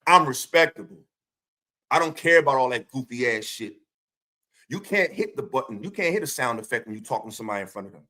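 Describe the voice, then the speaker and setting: A man's voice: mid-range voice, lively intonation, fast, sharp tone. A man hosting his own stream, delivering a profane, confrontational rant full of taunting rhetorical questions. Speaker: streamer host.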